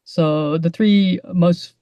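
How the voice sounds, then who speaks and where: Young guy kinda unsure, restarts a lot, slightly high voice, muffled lo-fi sound. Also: steady tone, drawn-out words, mellow, smooth, no echo. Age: young adult. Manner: hesitant, restarts and rambles. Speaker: guest, 3D environment artist. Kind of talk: podcast conversation.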